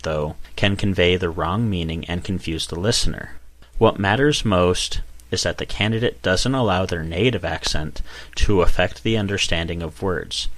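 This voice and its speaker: A man, an exam examiner, explaining test matters in a measured, scripted way. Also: low voice, a bit bright. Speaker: IELTS examiner.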